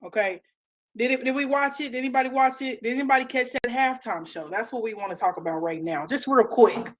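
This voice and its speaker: A woman co-hosting a casual chat show, talking in an animated, emphatic way and repeating her phrases. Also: on the high side, brisk. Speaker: co-host.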